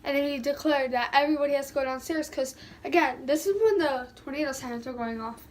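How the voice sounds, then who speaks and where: Young woman, vlogger, high-pitched, casual storytime, rambling, filler-heavy. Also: fast.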